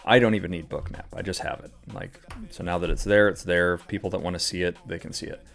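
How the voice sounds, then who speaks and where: A low, steady, creaky male voice with a fairly bright tone talks fast over faint music. He's hosting a live trading stream, chatting casually with many fillers and ranting profanely about the market in exasperation.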